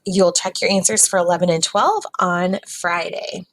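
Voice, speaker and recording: A woman teacher giving a recorded phonics lesson to young students, patient and sounding words out slowly. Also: lowish voice, steady tone, fairly bright tone, poor audio.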